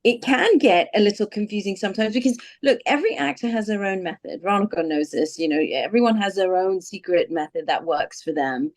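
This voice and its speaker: A British actress telling stories in an animated, casual interview over a video call, acting out the voices she quotes. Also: mid-range voice, fairly quick, few pauses.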